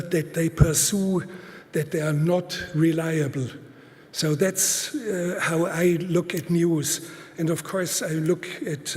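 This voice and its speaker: Slow, halting older man. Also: a little high, a little mellow. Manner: deliberate, halting, with many fillers and restarts; emphatic, repeating words for stress. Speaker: conference speaker. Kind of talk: live conference talk. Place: large auditorium. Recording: long hall reverb.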